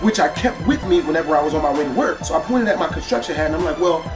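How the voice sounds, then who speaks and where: A woman telling a personal story in a casual vlog, animated and full of profanity. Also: sits low, very fast. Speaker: storytime vlogger. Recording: roomy echo, faint music.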